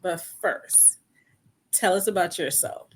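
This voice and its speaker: A woman's voice: on the low side, slow, slightly rough. A woman hosting a podcast interview, talking in an encouraging, folksy way and often checking in with her listeners. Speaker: podcast host.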